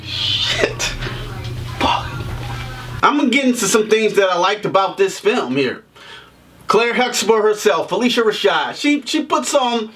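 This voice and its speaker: A man's voice: high voice, big pitch swings, normal speed, fairly bright tone, distant mic. A man giving a casual, comedic movie review, joking and swearing as he rants. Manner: profane, joking rant with frequent laughs.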